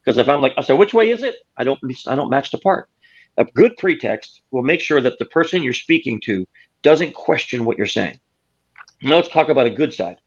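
A man's voice: medium pitch, animated, normal speed, husky. Man telling stories, slightly dull sound. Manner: explains with stories and acted quotes. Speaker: guest author. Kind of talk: conversational interview.

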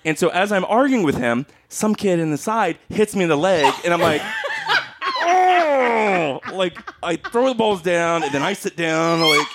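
A man's voice: high voice, lively intonation, normal speed, hardly any pauses, a bit bright. A man telling a funny story in casual chat, acting out quotes and laughing often.

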